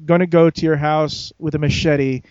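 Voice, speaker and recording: Joking podcast host, dry lo-fi sound. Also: male voice, on the high side, steady tone, a little mellow, smooth, no echo. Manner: joking, quick to laugh, teasing. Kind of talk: casual gaming podcast chat.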